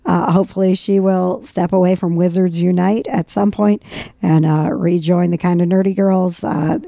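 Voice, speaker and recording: A woman's voice: on the low side, steady tone, moderate pace, creaky, warm tone, no room sound. A woman co-hosting a podcast from her home couch, telling a story in casual chat with many fillers and frequent laughs. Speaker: podcast co-host.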